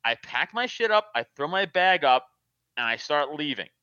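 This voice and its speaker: A man's voice: on the high side, big pitch swings, normal speed, pushed and bright, clear, resonant tone, no room sound, highs cut off. A man telling a profane, laughing story in casual chat.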